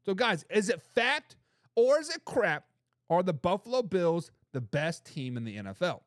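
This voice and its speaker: A high-pitched man hosts a football talk show at a moderate pace, reading chat comments and arguing his case emphatically. He's animated and opinionated, repeating phrases for emphasis, in a studio-quality recording with no room sound.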